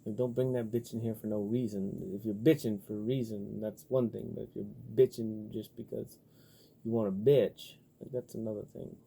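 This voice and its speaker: A man with a very dark, mellow and husky voice rambles through a casual vlog monologue. He swears freely and leans on filler words, getting animated when riled up. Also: fairly low pitch, moderate pace. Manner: profane, loose and rambling, heavy on filler words. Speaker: vlogger.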